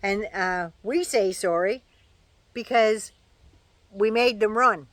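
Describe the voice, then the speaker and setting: A woman's voice: mid-range voice, slow, dry recording. An older woman chatting casually to camera outdoors at home, folksy and opinionated with dry asides. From Canada. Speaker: vlogger.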